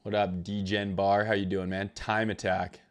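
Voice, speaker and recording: A man's voice: lowish voice, level tone, unhurried. A man hosting a crypto trading livestream, chatting loosely with profanity and greeting viewers from the chat. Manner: loose, profane, reads chat names aloud. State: recovering from illness.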